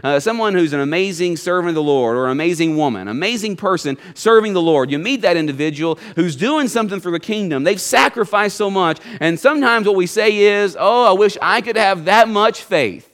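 A man preaching a sermon in a church, talking conversationally, often checking in with the congregation and dropping into soft low asides. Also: animated, brisk, hardly any pauses. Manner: conversational preaching, asks the congregation "you see?".

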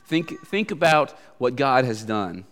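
A man's voice: mid-range voice, very animated, unhurried, a bit bright. Guy preaching in church, lots of uh's then gets worked up, big echoey hall. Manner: hesitant with many fillers, building to emphatic. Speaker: pastor. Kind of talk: sermon.

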